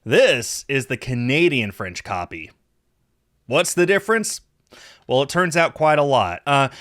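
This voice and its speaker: An American man hosting his own collector video, talking in a casual, rambling way with lively jumps in pitch. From United States. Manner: rambling, chatty, animated pitch swings. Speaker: video host.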